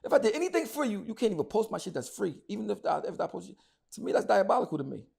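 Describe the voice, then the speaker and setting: A man's voice: sits high, very animated, rapid-fire, vocal fry, a little mellow, husky. A middle-aged man, talking as an interview guest, angry and emphatic, repeating himself and cursing a lot. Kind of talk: heated casual interview talk.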